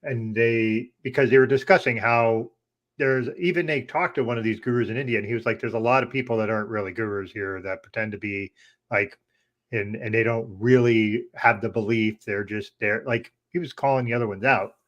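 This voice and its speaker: A man co-hosting a podcast, recounting things in a relaxed, wry way with frequent "uh" pauses. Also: medium pitch, highs cut off. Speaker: podcast co-host. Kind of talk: casual discussion.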